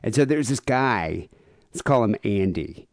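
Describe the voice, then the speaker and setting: Podcast co-host, man, 30s; low, dry, rambling and self-mocking. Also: lively intonation, measured pace, no room sound. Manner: rambling, self-deprecating, laughs often. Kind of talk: casual chat, storytelling.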